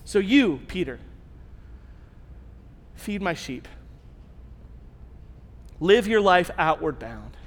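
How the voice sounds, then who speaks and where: A man voicing a calm, firm male teacher who speaks bluntly and casually, lower and quieter, with a long hall reverb. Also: extremely slow, long pauses, full character voice.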